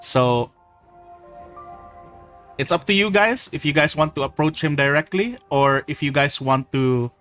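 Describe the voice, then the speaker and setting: A man's voice: fairly high pitch, a little slow, long pauses, fairly bright tone, soft background music, poor audio. A man running a tabletop game as game master, describing scenes in a rambling way with many restarts. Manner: rambling, full of likes and restarts.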